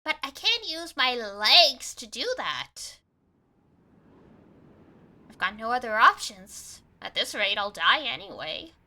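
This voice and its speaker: A woman's voice: on the high side, big pitch swings, full character voice. Woman reading as Shiki, a grim desperate young man. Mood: determined. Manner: quiet measured inner-monologue reading. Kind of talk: reading visual novel narration aloud.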